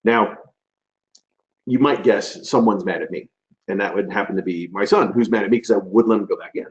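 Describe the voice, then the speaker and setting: Male webinar presenter, 40s, deeper register, casual storyteller, dull lo-fi recording. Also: brisk. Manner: chatty, loose delivery with many fillers and restarts. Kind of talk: conversational storytelling lecture.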